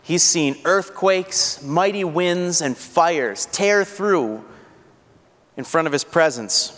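A man preaching in an earnest, fervent tone, his voice sitting a little high. A long reverb trails each phrase, as if he stands in a large church hall. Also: slow, fairly bright tone. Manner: earnest, rising to fervent rhetorical questions. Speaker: pastor. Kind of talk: sermon.

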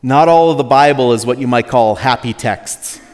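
A pastor preaching a sermon in a relaxed, conversational way, joking with the congregation and acting out quotes in a higher voice. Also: male voice, moderate pace. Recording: long reverb of a large hall.

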